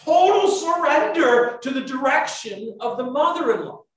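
A man's voice: very high voice, expressive, normal speed, a bit bright. A man preaching a sermon, building emphasis with repeated phrases and rising bursts. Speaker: pastor. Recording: echoey room, speaker far from mic.

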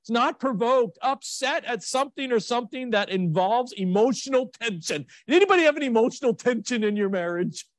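Pastor guy telling stories in a sermon, voice jumps way up when he gets excited, dry close mic. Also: a little fast, few pauses, no room sound. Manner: animated storytelling, jumps to high excited pitch.

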